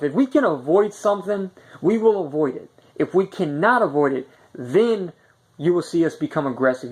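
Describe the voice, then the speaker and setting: A man giving relationship advice in a casual, unscripted monologue, blunt and rambling, often repeating words as he searches for them. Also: on the high side. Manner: blunt and direct.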